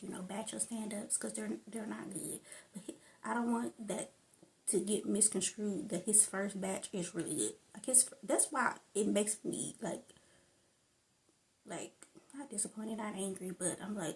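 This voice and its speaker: A woman talks through her favorite comedy in a loose, tangent-prone vlog chat, laughing often. Her voice sits a little high with a gravelly edge. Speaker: vlogger. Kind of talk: casual chat about stand-up comedy.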